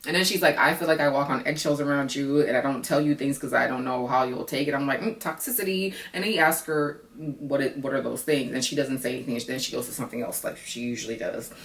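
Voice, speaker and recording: A woman's voice: very deep voice, fairly even intonation, quick pace, creaky. A woman giving a blunt, profane, sassy casual recap of a reality show from her apartment. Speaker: reality TV reviewer. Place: apartment at night, noisy renovations upstairs. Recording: echoey room, mic at a distance.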